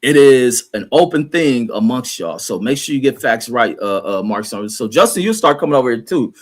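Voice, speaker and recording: His medium-pitched voice has lively intonation and runs a little fast as this livestream host rants. He reads chat comments aloud and responds in a profane, combative, mocking way.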